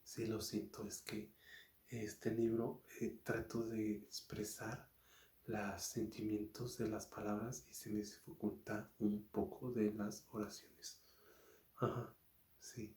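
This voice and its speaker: A man whose first language is Spanish, hosting his channel and reading a novel aloud as an ASMR read, careful and halting, often correcting himself. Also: lowish voice, flat delivery, darkish tone, roomy sound.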